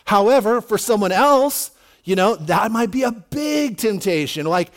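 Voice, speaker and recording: High-voiced man preaching a casual sermon. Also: expressive, unhurried. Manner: casual, repeats words and restarts, says "you know" often. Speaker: pastor. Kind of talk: conversational sermon.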